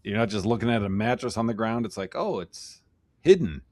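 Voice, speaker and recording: A man on a casual comedy podcast, quick to play along and riff on the jokes. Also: fairly low pitch, little pitch movement.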